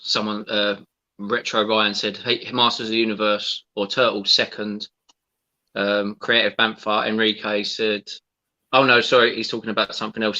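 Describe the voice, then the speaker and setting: A man's voice: on the low side, pushed and bright, dull audio. A man chatting as a guest, reading out comments and joining in. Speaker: guest collector. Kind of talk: casual chat.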